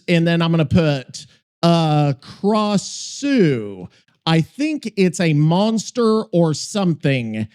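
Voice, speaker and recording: A man's voice: high voice, a little mellow. A man hosting a casual gaming podcast, rambling and swearing freely as he stumbles over words. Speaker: podcast host.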